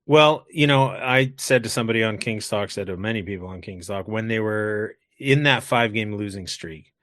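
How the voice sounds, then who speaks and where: A man's voice: on the low side, moderate pace, a bit bright, no room sound, clean studio sound. Easygoing male podcast host. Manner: easygoing, agreeable backchannel. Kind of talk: casual podcast chat.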